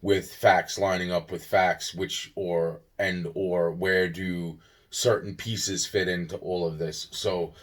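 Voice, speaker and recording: Tired rambling man, husky low voice. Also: level tone, slow, a bit bright. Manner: rambling, swears often, restarts. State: yawning, tired. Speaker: vlogger. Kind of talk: rambling casual monologue.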